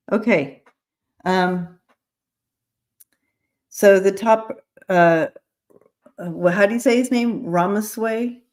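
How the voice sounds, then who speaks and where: Slow-talking woman hosting a live stream. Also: medium pitch, a little mellow. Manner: halting, many fillers and restarts, greets viewers by name. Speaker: host of a live-stream psychic reading show. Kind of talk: casual live-stream chat reading viewer comments.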